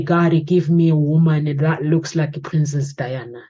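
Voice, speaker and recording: A chatty woman host with a low, dark, mellow voice tells stories and gives advice in a relaxed talk-show way. The sound is a little dull and lo-fi. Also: unhurried. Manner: chatty, storytelling, asks guest questions. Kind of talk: casual advice chat.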